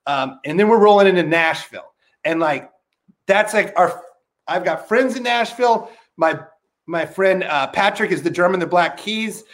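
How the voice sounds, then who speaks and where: A man's voice: high voice, normal speed. A man chatting casually as a podcast guest, telling rambling, profane stories full of fillers.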